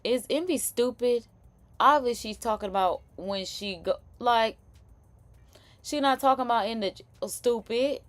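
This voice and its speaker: A woman's voice: a little high, normal speed, dry recording. Chatty New Orleans woman streamer. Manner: animated, chatty, slangy, laughing asides. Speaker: live-stream host reacting to news. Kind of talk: casual reaction commentary.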